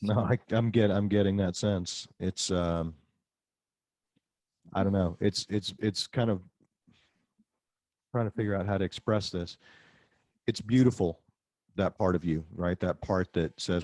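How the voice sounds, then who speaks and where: Deep, dark-voiced male host. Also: measured pace, long pauses, no room sound. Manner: thoughtful, hesitant, many restarts. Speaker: podcast host. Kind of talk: interview conversation.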